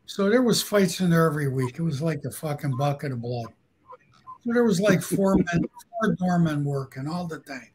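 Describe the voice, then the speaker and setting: A man tells stories as a guest, his voice fairly high and husky. He tells crude, animated anecdotes and acts out each quoted person. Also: poor audio. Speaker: guest storyteller. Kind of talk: casual storytelling.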